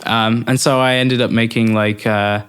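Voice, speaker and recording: Man, young adult, from england, easygoing, rambling, chuckles often, mid-pitched. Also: moderate pace, smooth. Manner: relaxed, rambling, frequent fillers and laughs. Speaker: guest music producer. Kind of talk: casual interview.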